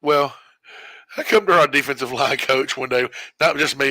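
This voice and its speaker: A streamer with a bright, forceful, medium-pitched voice talks fairly quickly while gaming, telling a meandering story. He backtracks, corrects himself, and chuckles often, and the sound is dry and close with no echo.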